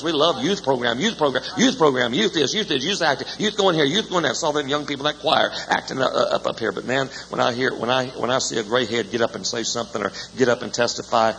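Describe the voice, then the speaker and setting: An older man delivers a sermon in a church with a folksy, joking storyteller's cadence. His voice has a gravelly edge and sits in a middle pitch. The recording carries a long church-hall echo and a faint hiss. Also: fast, few pauses, fairly bright tone. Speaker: preacher. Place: church sanctuary.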